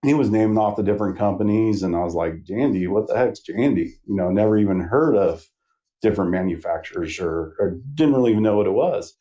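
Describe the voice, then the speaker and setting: A middle-aged man with a low voice, warm and mellow in tone. He talks easily as a guest on a trade podcast, wandering through his story with lots of "uh"s and "um"s. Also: quick pace, lo-fi sound. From Northern California. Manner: relaxed, rambling storyteller with many fillers. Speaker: manufacturer sales rep, guest. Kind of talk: casual podcast interview.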